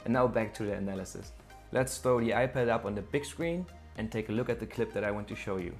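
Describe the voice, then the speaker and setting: A man's voice: lowish voice, quick pace, faint music behind. Man coaching skate technique step by step. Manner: explains step by step, directing the viewer. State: out of breath. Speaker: surfskate coach. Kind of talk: instructional video tutorial. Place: outdoor skate bowl, then home office.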